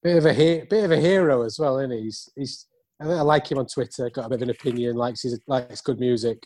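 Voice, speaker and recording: A man in a casual post-match football chat, animated and quick to laugh, often stammering over his words. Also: mid-range voice. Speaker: football podcast co-host.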